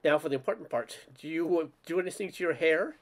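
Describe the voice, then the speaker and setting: A man's voice: a little high, fast, natural voice. A man voicing a polished, pushy female cosmetics saleswoman with condescending sales patter, reading a story aloud.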